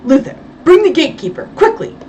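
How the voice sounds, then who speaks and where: A man's voice: extremely high pitch, sing-song, normal speed, darkish tone. A woman reading aloud voices a demanding male villain who fires off questions, a bit distant over faint background noise. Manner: demanding, interrogating.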